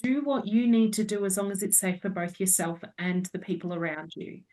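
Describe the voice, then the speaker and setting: A woman in her forties speaks earnestly as a podcast guest, explaining at length from her own practice. Her pitch sits in a mid range. She is heard from a little way off the mic. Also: a little fast, warm tone. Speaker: naturopath guest. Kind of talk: casual podcast chat. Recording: voice a bit distant from the mic.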